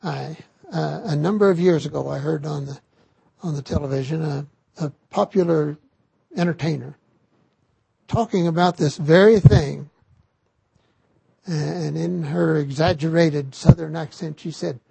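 An older man giving a sermon on scripture, slow and halting with frequent restarts. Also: on the high side, vocal fry, dark tone, husky, no echo. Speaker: scripture teacher.

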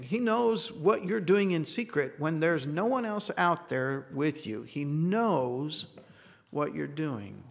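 A fairly high-pitched man with a gravelly edge gives an earnest sermon, telling a story and acting out its dialogue. His voice rings with the long reverb of a large hall. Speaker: speaker giving a church talk.

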